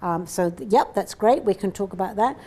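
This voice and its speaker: NZ woman presenter, mid-pitched, conversational, anecdotal, faint hiss behind. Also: brisk, warm tone. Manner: chatty, anecdotal, acts out dialogues. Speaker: seminar presenter. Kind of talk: conversational teaching talk. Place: seminar room.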